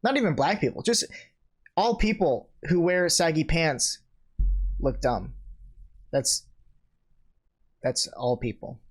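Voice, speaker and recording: A man's voice: a little high, animated, takes it slowly, pauses often. A man hosting a casual reaction video, reacting with dry, sarcastic asides and sometimes trailing off or restarting when unsure.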